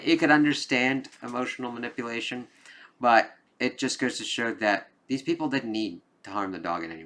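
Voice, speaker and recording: Fairly low in pitch, this film reviewer's voice is bright and forceful. His casual movie review meanders with lots of fillers such as "like" and "kind of," and he sometimes curses emphatically.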